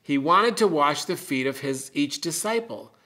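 A middle-aged pastor reading a Bible story and giving a children's message, explaining simply and gently. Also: male voice, fairly high pitch, animated, unhurried.

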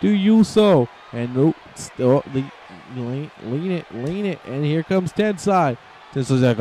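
A man giving excitable, rambling play-by-play commentary over a wrestling video game, shouting on the big moves. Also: a little high, slow pace, slight background noise.

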